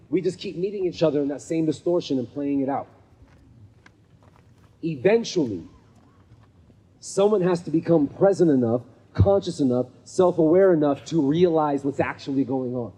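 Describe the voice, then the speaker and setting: Husky man telling stories in a hall. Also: fairly high pitch, normal speed, warm tone. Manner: conversational, checks in with 'right?' often; acts out the people in his stories. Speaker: speaker at a men's gathering. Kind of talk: storytelling motivational talk. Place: event venue with a live audience. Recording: long reverb of a hall.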